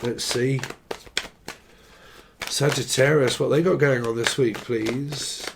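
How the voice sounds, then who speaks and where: English man, mid-pitched, reads tarot casually with lots of swearing and rambling. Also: fairly even intonation, slow, vocal fry, background noise. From England. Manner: rambling, swearing, free-associating. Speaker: tarot reader.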